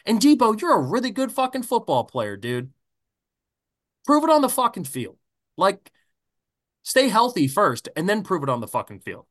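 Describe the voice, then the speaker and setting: A man's voice: high-pitched, wildly swooping pitch, normal speed, pauses often, fairly bright tone. A man co-hosting a sports podcast, delivering a heated, profane rant. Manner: profane, fired-up ranting. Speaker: podcast co-host.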